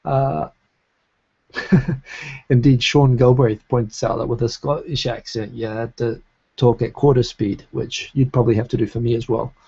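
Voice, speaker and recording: A man with a faded New Zealand accent hosts a casual live stream and reads viewer comments as he goes. His voice is dark, husky and gravelly, and he rambles with fillers and restarts. The stream audio sounds a little dull and lo-fi. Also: mid-range voice, steady tone, measured pace. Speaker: live show host.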